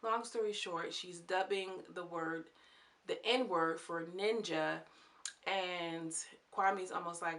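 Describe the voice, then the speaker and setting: A woman giving a lively, chatty recap of a TV episode, full of exclamations and slang. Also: on the low side, slow pace. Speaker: TV show reviewer. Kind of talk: casual recap and commentary.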